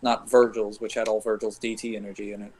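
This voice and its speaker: A man's voice: fairly low pitch, level tone, fast talker, darkish tone, a little hiss or hum. A man hosting a casual chat, reading viewer comments and thinking aloud through game lore with lots of fillers.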